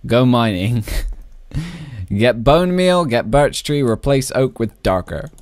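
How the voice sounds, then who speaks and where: A man casually commentating his own Minecraft play, excitable and laughing often. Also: mid-range voice, slow pace, no echo, clean studio sound. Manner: excitable, laughs often, shrieks when startled. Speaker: Minecraft YouTuber.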